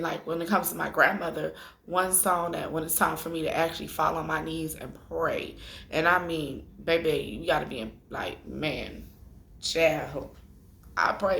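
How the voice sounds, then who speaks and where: A woman in her thirties telling a personal story to her viewers in an emotional, chatty way, tearful after crying, with many pauses. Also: deep voice, gravelly, fairly bright tone. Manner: conversational, addresses viewers directly, drawn-out filler pauses. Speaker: spiritual vlogger. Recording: echoey room.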